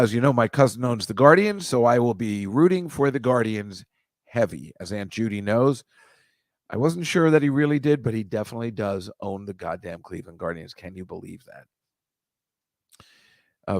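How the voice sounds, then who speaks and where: A man's voice: fairly low pitch, dry recording. A man hosting a live stream, chatting casually with viewers and rambling through a story, cutting himself off and adding joking asides. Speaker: host reading viewer comments.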